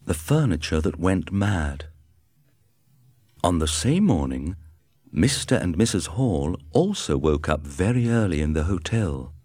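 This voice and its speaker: Male narrator, measured storybook reading, low voice, very slow, lively pitch, dry sound. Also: husky, dry recording. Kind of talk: scripted narration.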